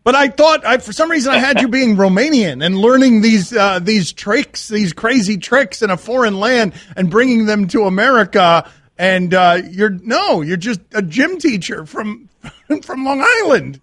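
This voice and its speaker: High-voiced playful radio host man. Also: expressive, normal speed, a bit bright, no room sound, clean studio sound. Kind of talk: sports radio talk.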